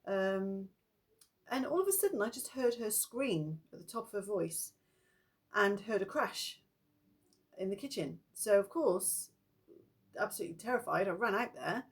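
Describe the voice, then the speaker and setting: A woman's voice: normal speed, pauses often. A middle-aged woman casually telling ghost stories in a chatty, meandering way. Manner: chatty and meandering, breaks into lively high-pitched acted quotes. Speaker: spiritual vlogger.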